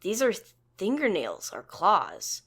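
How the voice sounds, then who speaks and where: A woman's voice: mid-range voice, wildly swooping pitch, unhurried, fairly bright tone, breathy edge, heavily acted. A woman voicing a worried, blunt male troll father who talks in tense, clipped mutters.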